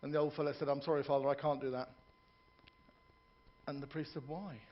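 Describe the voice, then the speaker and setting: Stand-up comedian on a ship's stage. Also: male voice, a little high, level tone, a little fast, highs cut off, a little hiss or hum. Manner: joke-telling with voiced characters and asides to the audience. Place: ship's theatre lounge.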